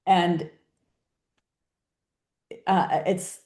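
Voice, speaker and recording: A woman's voice: lowish voice, level tone, very slow, darkish tone, roomy sound. A woman hosting a webinar interview, asking thoughtful questions over a video call. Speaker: webinar host.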